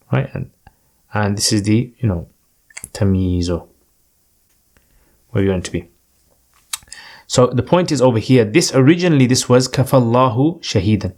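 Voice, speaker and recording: A man's voice: medium pitch, a little mellow. A man teaching Arabic grammar in a patient, explanatory way, often checking in with "right?" and reciting short phrases.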